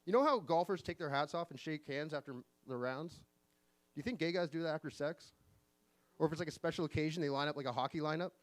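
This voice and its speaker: A man in his forties doing an open-mic stand-up set, delivering deadpan one-liners with sudden pitch jumps on the punchlines. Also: quick pace. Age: 40s. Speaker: stand-up comedian. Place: live comedy venue.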